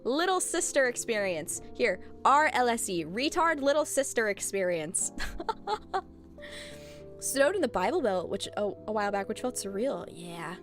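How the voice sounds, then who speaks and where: High, lively-voiced woman streamer. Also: unhurried, soft background music. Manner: animated, chatty, laughs often, blunt. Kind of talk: casual chat with viewers.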